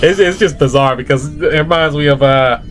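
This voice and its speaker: A man's voice: fairly high pitch, fairly quick, music in the background. A young man vlogging in a rambling, casual monologue, full of fillers and tangents.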